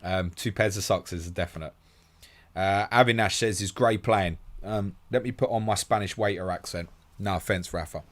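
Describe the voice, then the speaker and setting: A man with a low voice runs a live question stream. He is brisk and matey, reading each question aloud and then answering it. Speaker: podcast host.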